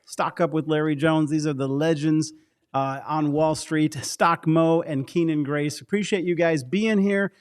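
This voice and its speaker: A male show host with a fairly high voice closing out the episode, thanking his guests and pointing viewers to their pages. His delivery is upbeat and friendly. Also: fairly even intonation, unhurried, clear, resonant tone. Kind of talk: casual show sign-off.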